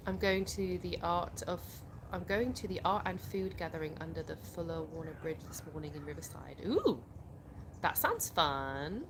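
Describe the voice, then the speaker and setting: A young Englishwoman from England hosts a casual outdoor livestream on her phone, chatting, laughing easily and reading viewer comments aloud. Her voice is fairly low and lively in intonation, at a normal speed, with background noise in the recording.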